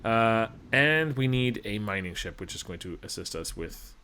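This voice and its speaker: A man's voice: on the low side, expressive, moderate pace, sharp tone, clear, resonant tone. Rambling, self-mocking man from Alberta. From Alberta, Canada. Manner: rambling, self-deprecating, chatty. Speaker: gaming channel host. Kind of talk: casual gameplay commentary.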